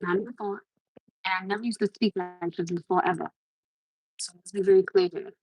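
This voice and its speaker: A young woman from Norwalk, USA, hosts a livestream in a New York-tinged American accent, her mid-range voice gravelly and husky at a fairly quick clip. She chats casually and animatedly, restarting often and asking her viewers again and again what they think. The recording is rough, with no room sound.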